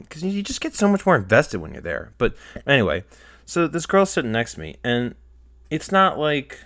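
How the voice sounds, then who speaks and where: A young man hosting a solo podcast, rambling in casual chat and getting heated, sometimes close to yelling. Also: lowish voice, dry recording. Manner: rambling, heated, rises to near-yelling when retelling anger. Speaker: podcast host.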